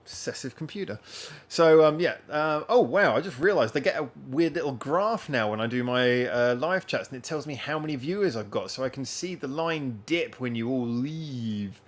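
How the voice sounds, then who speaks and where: A man's voice: mid-range voice, lively intonation, normal speed. Male streamer, rambly and casual, talks straight to chat, mid-range voice. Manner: rambling, chatty, addresses viewers directly. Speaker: live-stream host. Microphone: wearing headphones.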